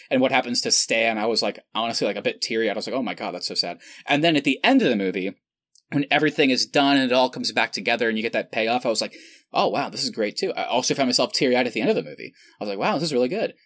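A medium-pitched man co-hosts a podcast, chatting casually and enthusiastically, rambling along and laughing often. His fairly bright voice comes through clean studio sound with no echo.

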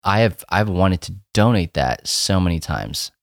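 A man's voice: deep voice, expressive, measured pace, no echo, clean studio sound. A man co-hosting a podcast who chats in a joking, wry way. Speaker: podcast co-host. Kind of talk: casual chat.

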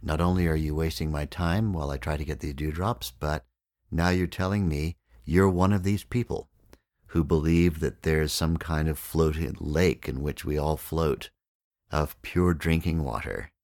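Guy reading as a cranky thirsty man in a story, complaining nonstop, super deep voice. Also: fairly even intonation, moderate pace, darkish tone, no echo, clean studio sound. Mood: irritated. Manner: impatient, complaining. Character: peevish thirsty man floating in a pond.

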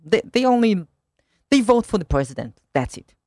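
A woman's voice: fairly high pitch, very animated, moderate pace, darkish tone, no room sound. A woman from Israel with an Israeli accent, a journalist being interviewed in a radio studio, often restarting and repeating words as she finds her thought. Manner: hesitant, repeats words when starting a thought. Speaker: guest journalist.

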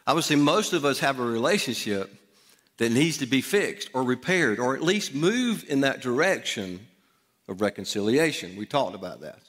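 Storytelling pastor in a reverberant sanctuary. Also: male voice, mid-range voice, normal speed. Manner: conversational, animated storytelling with asides to the congregation. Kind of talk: storytelling sermon. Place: church sanctuary. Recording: long hall reverb.

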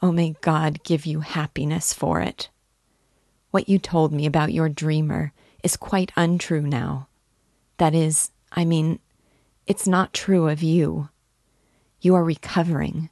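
Woman voicing a shy young girl pouring her heart out, soft and hesitant, low gravelly tone. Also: fairly even intonation, measured pace, dry recording, clean studio sound. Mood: earnest. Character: timid, earnest young girl confiding.

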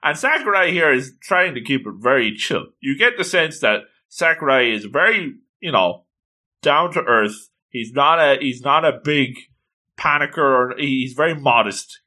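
A man's voice: mid-range voice, lively intonation, normal speed, sharp tone. A man casually recapping a story with playful, jokey asides.

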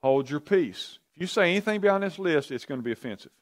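Speaking quickly and expressively in a fairly high voice, this man leads a church teaching session. As a pastor or Bible teacher, he keeps it conversational, questioning the audience and frequently saying things more than once.

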